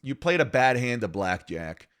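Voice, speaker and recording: A man's voice: medium pitch, very animated, moderate pace, fairly bright tone. A man co-hosting a casual wrestling podcast, teasing his partner playfully. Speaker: podcast co-host.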